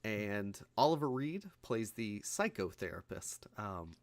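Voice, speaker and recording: A man with a lowish voice talks casually on a podcast, wandering through his points with fillers and self-corrections. His voice is recorded close and dry, with no room sound. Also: big pitch swings, a little slow, no echo. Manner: rambling with frequent fillers and restarts, laughs through his points. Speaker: podcast co-host. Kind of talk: casual film discussion.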